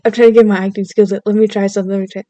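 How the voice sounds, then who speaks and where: A woman's voice: mid-range voice, flat delivery, rapid-fire, mellow, no room sound, lo-fi sound. A woman vlogger casually telling a personal story, chatty and playfully overdramatic, laughing at herself now and then.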